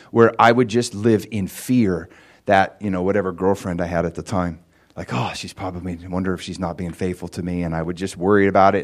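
An American man preaching a casual teaching sermon, talking loosely with lots of "like" and "you know" and checking that his listeners follow. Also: on the low side. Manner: conversational, many fillers like "like" and "you know"; checks in with listeners by asking if it makes sense. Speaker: pastor.

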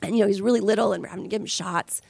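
A woman's voice: mid-range voice, steady tone, very fast, vocal fry, darkish tone, slightly rough, no room sound. A woman preaching a sermon as a conversational, emotional testimony, dropping at times to near whispers.

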